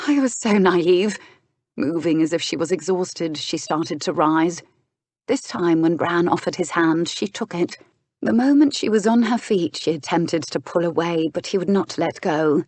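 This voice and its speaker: A woman narrating a historical romance audiobook in a measured, unhurried way, close to the mic. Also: lowish voice, darkish tone, no room sound.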